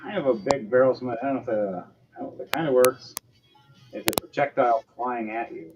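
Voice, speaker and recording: A man in the middle of his range narrates as game master, rambling through scenes with plenty of ums. The recording is a bit dull and lo-fi, with soft music playing underneath. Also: mid-range voice, fast. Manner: loose, filler-heavy narration with frequent ums and uhs. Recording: slightly dull, lo-fi sound with faint music behind.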